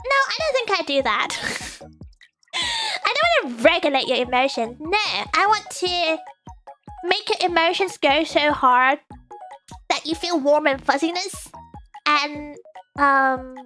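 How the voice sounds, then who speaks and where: A woman's voice: sits high, big pitch swings, a little slow, sharp tone. A young woman hosting a casual live stream, teasing her chat playfully, laughing often and stumbling over her words. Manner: playful stammering restarts. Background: faint background music.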